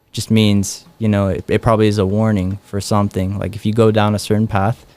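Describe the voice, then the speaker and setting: A man's voice: fairly low pitch, level tone, quick pace, darkish tone. A young man, a street evangelist, telling stories in a casual interview, full of fillers and acted-out dialogue. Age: young adult. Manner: rambling, many fillers and quoted dialogue.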